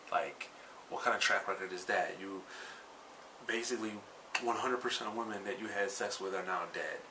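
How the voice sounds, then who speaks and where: A man's voice: lowish voice, fairly even intonation, moderate pace. A man recapping anime episodes in a casual, rambling way, swearing freely and correcting himself as he goes. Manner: rambling and profane, with many fillers and self-corrections. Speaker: anime reviewer. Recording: slightly distant mic with faint background noise.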